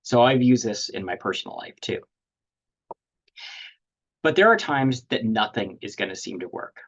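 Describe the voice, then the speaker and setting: A man's voice: lowish voice, lively intonation, normal speed, fairly bright tone. A man presenting a webinar lecture on negotiation, talking loosely with many fillers and restarts. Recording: dull lo-fi audio.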